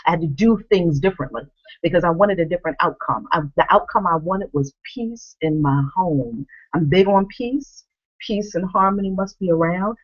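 A woman's voice: lowish voice, moderate pace. Woman vlogger in her 30s telling a story, jumps between voices, kinda dull lo-fi sound. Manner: animated, acts out quoted voices. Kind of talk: storytelling to camera.

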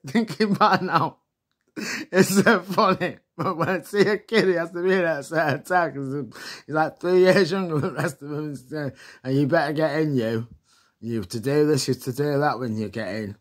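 A middle-aged man tells rambling stories in a chatty way, laughing often and filling his talk with fillers. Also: medium pitch. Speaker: vlogger. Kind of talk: casual rambling storytelling.

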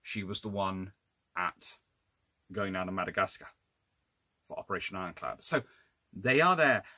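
Male historian lecturing casually, lively swooping pitch, wry exasperated asides, restarts. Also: moderate pace, no room sound. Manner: restarts and self-corrections. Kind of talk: informal illustrated lecture.

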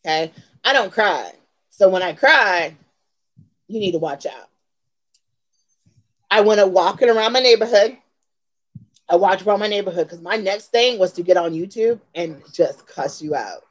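A woman's voice: medium pitch, animated, moderate pace, long pauses, rough recording. A woman in her forties hosting her own channel, telling a heated story with emphatic repetition. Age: 40s. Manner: heated, emphatic, repeats lines for effect. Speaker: beauty channel host. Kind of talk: venting storytime vlog.

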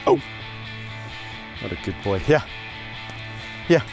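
A man's voice: medium pitch, unhurried, music in the background. A man running a vlog outdoors at a wildlife sanctuary, cooing and calling to the lions with affection. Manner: animated, coos and calls to the lions with affection. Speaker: wildlife sanctuary keeper and channel host. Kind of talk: casual vlog narration while handling lions.

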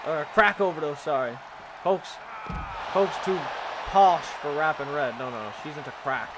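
Excitable man shouting game commentary. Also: a little high, moderate pace. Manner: excitable, profane, jokey, frequent shouts and laughs. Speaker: gaming YouTuber doing wrestling commentary. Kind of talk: casual play-by-play commentary of a video game match. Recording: loud crowd and game noise behind. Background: video game arena crowd.

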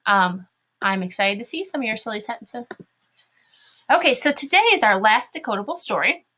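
A woman's voice: on the high side, lively intonation, normal speed, bright, forceful tone, breathy edge. A woman teaching a phonics lesson to young children, spelling words out letter by letter and sounding them out in an encouraging way.

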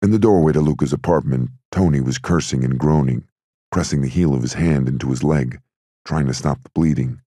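Super deep husky guy reading a crime audiobook, dry close sound. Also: fairly quick, warm tone, no echo. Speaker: audiobook narrator. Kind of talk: scripted narration.

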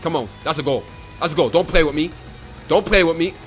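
A man giving excited, trash-talking commentary over his own football video game match, repeating his phrases. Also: on the high side, brisk, soft background music. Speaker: gaming YouTuber. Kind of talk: live gameplay commentary.

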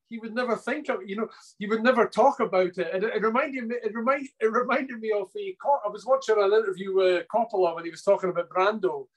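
A man interviewing a director over a video call, eager and free-associating, laughing often between questions. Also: high voice. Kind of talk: conversational interview. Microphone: online video call.

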